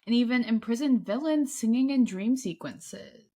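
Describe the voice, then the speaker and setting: A woman's voice: a little high, animated, normal speed, warm tone. Woman, upbeat podcast host, casual chat.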